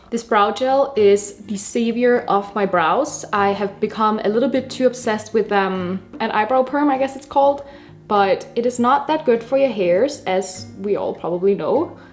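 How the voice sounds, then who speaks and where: A woman in her twenties from Denmark, chatting casually and rambling with frequent laughs while doing her makeup for a vlog. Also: a little high. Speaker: beauty vlogger. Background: soft background music.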